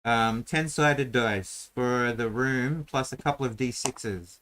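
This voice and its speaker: A man's voice: medium pitch, slow, fairly bright tone, a little hiss or hum. A man hosting a casual chat, rambling with many fillers and restarts while he draws a map and rolls dice. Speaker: host drawing a dungeon map.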